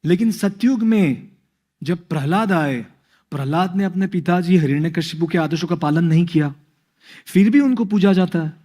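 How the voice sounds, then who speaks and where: A man playing a cheeky young son who quizzes his father in a rapid, excited rush. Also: high-pitched, pitched above the performer's own voice. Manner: rapid, excited, talking fast.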